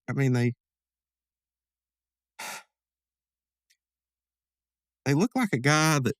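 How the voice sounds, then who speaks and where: A man's voice: medium pitch, very animated, measured pace, pauses often, no room sound, studio quality. A man casually recapping an episode as a podcast host, rambling with lots of fillers and asides.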